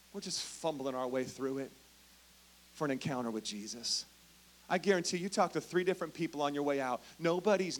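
A man preaching a sermon, telling Bible stories with animated emphasis and dropping to a hush, speaking directly to the congregation. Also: a little high. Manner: animated storytelling, swings from loud emphasis to hushed. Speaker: pastor.

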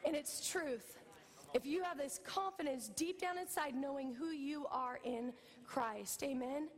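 High-voiced woman pastor preaching in a hall. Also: a little slow. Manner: storytelling, animated, acts out quoted voices. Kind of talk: sermon. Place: church.

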